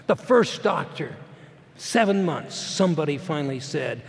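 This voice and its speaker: A middle-aged man speaking as a motivational speaker, telling a personal story to a live audience in a plainspoken, folksy way that swings between hushed and loud. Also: on the high side, very animated, unhurried, creaky. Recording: long hall reverb.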